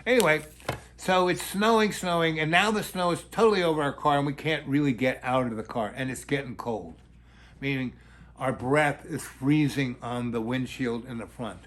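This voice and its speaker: A man telling a long, rambling personal anecdote in a halting way, with many restarts. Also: medium pitch, fairly bright tone. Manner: halting, full of fillers and restarts, acts out quoted voices. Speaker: storyteller.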